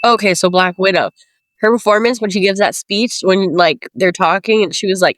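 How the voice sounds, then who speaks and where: A young adult podcast co-host chatting casually, teasing the others and asking quick questions. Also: mid-range voice, a bit bright, dry recording. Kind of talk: casual chat.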